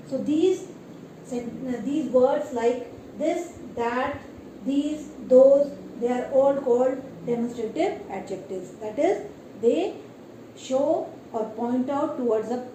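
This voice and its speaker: A woman teaches a grammar lesson in a high, mellow voice, pausing often to ask "right?". She talks slowly. The sound is very echoey, as if picked up from across a room. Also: slight background noise. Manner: explains slowly with repeated "right?" checks. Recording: echoey room, mic at a distance.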